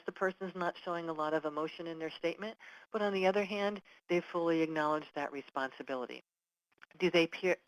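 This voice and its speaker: A woman's voice: sits low, no echo, poor audio. A woman giving an educational webinar talk, earnest and emphatic, who sometimes acts out example apologies. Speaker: webinar presenter.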